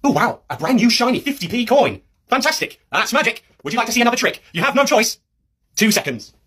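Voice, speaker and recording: A man plays a clumsy British magician who hams up every trick. His patter is theatrical and bossy, in a husky voice that sits high and leaps around, all for a comedy sketch. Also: very animated, quick pace, a bit bright, full character voice. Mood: showy. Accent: British English. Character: showy, clumsy male amateur magician.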